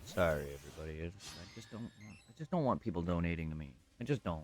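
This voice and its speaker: A man's voice: low voice, expressive, fast talker, darkish tone. A male streamer talking to his live chat, frustrated and venting.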